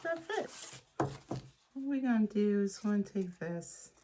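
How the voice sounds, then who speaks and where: Chatting casually as she crafts, a woman who creates craft and journaling content thinks aloud and talks to herself. Her voice is medium-pitched and sing-song, her pace slow with frequent pauses, and there's background noise.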